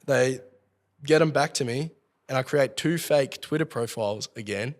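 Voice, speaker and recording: A man's voice: mid-range voice, normal speed. An Australian man telling a long story as a podcast guest, swearing constantly and rambling as he goes. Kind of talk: casual storytelling. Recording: long hall reverb.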